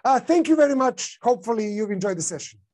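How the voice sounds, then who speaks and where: A man's voice: very high voice, lively intonation, quick pace, a little mellow. A man with a non-native English accent giving a conference talk, casual, with many fillers and restarts. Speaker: conference speaker.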